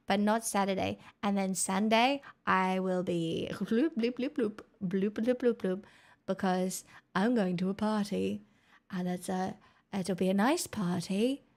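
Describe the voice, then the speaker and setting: An Australian woman streamer in casual livestream chat, rambling and playful, drifting into soft murmurs. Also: fairly high pitch, vocal fry.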